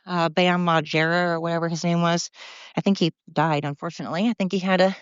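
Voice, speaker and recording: A woman's voice: on the low side, fairly even intonation, fast talker, clear, resonant tone, dry recording, muffled recording. A woman hosting a solo podcast, ranting bluntly with profanity and mocking herself, recorded on a phone. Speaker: podcast host.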